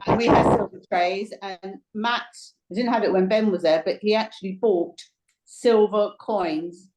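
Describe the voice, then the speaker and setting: A woman's voice: mid-range voice, steady tone, a little slow, a little mellow. An older woman in a class, sharing a rambling, chatty anecdote. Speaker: class participant. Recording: roomy, speaker off-mic.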